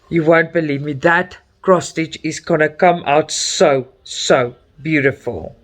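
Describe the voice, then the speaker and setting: Slow-talking South African man, chatty. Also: a little high. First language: Afrikaans. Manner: chatty and openly emotional, with frequent exclamations. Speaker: cross-stitch vlogger. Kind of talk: casual chat while stitching.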